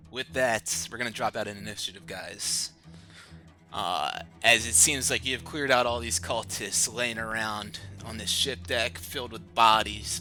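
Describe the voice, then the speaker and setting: A man narrating a tabletop game as game master, talking in a loose, chatty way with many fillers. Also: on the low side. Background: background music.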